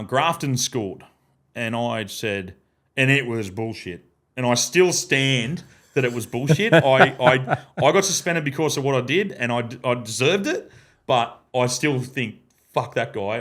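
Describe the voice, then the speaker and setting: An Australian man chats in a podcast studio, spinning a sweary story and slipping into the voices of the people in it. He is a guest and a former ground announcer, and he speaks at an ordinary pitch for a man. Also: animated, measured pace, a bit bright. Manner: swears freely and acts out other people's lines in his anecdotes. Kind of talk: casual storytelling chat.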